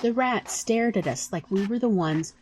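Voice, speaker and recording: A woman narrating her own story in a soft, emotional audiobook style. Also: medium pitch, expressive, moderate pace, slight background noise. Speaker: author reading own story.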